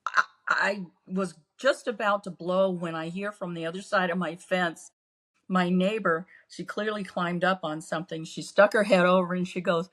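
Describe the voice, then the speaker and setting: Woman, podcast co-host, low voice, earnest storytelling, acts out quotes. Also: fairly even intonation, normal speed, fairly bright tone. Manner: earnest, re-lives painful memories, acts out quotes. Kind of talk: casual storytelling.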